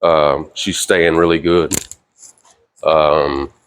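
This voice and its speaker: A very low-voiced man talks through dog training in a loose, casual way, full of "you know" and "like". His commands to the dog come out short, a bit louder and sharper than the rest of his speech. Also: very slow, clear, resonant tone. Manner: relaxed, rambling with fillers, sharp higher commands to the dog. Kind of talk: casual instructional talk. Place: indoors with a dog.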